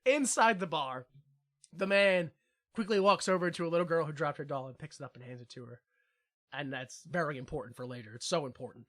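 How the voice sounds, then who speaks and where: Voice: mid-range voice, a little fast, fairly bright tone. A young adult podcast co-host in casual comedic chat, recapping an episode with lots of laughs and silly voices.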